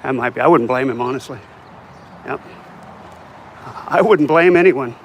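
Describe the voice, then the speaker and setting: The audio sounds dull, with a little hiss or hum, as an older man vlogs casually while walking a city street with his phone. He speaks at normal speed in a mid-range voice, rambling in a joking, self-mocking way.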